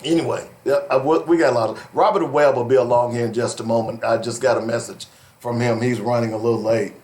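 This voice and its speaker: A man's voice: mid-range voice, steady tone, fast talker, a little mellow. Chatty man hosting radio. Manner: loose and chatty, laughs often, many fillers. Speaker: radio talk show host. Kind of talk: casual call-in radio talk. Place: radio studio, alone. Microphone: studio microphone.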